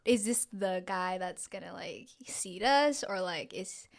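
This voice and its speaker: A woman's voice: mid-range voice, lively intonation, a little slow, gravelly. A young woman co-hosting a podcast, telling a story in a casual chat. She swears freely and acts out the lines of the people in it. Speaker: podcast co-host.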